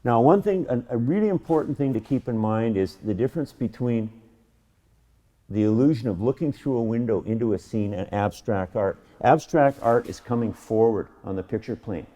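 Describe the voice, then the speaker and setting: A middle-aged man leads a painting lesson in his studio, talking eagerly as he works. He often restarts and repeats words mid-sentence. His voice sits at an ordinary pitch with a soft, mellow tone. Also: animated, moderate pace. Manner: enthusiastic, chatty, many restarts and repeated words. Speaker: painting instructor. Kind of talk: painting demonstration. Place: art studio.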